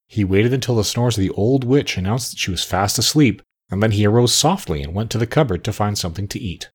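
A man narrating a children's storybook with an expressive, animated reading. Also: lowish voice, fast talker, few pauses, breathy edge.

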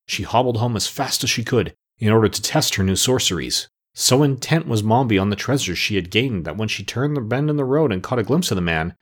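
A man narrating a storybook aloud in an expressive storytelling manner. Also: medium pitch, husky. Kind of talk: audiobook narration.

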